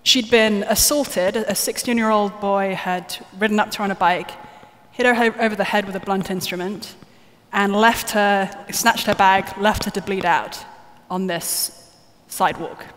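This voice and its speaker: This conference speaker has a medium-pitched, slightly bright voice, a steady tone, and a moderate pace with few pauses. She jokes and chats with the audience while talking live from the stage of a large conference hall, captured on a stage microphone with hall reverb and faint noise.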